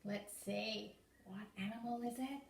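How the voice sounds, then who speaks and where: A woman with an Australian accent teaching young children animal sounds, slow and exaggerated, dropping to whispers between animal noises. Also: mid-range voice, fairly even intonation, creaky, distant mic, very noisy. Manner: slow, exaggerated, sing-song, drops to whispers. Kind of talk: early-years animal sounds lesson. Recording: echoey room, voice from off-mic.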